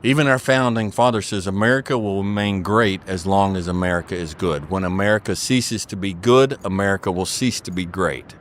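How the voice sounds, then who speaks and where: A man's voice: deep voice, brisk, few pauses, a little hiss or hum. A middle-aged man speaking as an interview guest, talking in an earnest and preachy way, repeating his points and asking "okay?".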